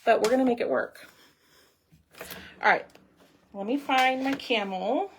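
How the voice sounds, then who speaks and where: A woman's voice: fairly high pitch, measured pace, long pauses, a little hiss or hum. A middle-aged woman, hosting a casual craft livestream and chatting with viewers as she works. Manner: chatty, reads viewer comments aloud while crafting.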